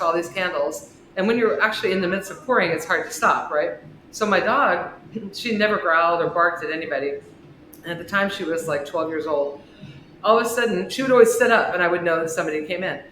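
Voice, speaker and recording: A woman guest on a podcast, an author and shop owner, telling a personal story with big swings in pitch and volume. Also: brisk. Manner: expressive storyteller with wide swings in pitch and loudness. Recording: echoey room with faint noise.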